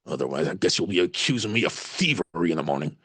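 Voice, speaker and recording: A man voicing a surly, hostile coach driver in a low, spitting growl. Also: expressive, fast talker, fairly bright tone, slightly rough, no room sound, exaggerated voice. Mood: spiteful.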